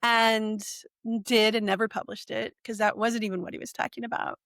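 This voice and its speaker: Gravelly-voiced woman telling her story. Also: fairly high pitch, moderate pace, no echo, studio quality. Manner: animated, acts out quoted speech. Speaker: podcast guest. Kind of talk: personal storytelling.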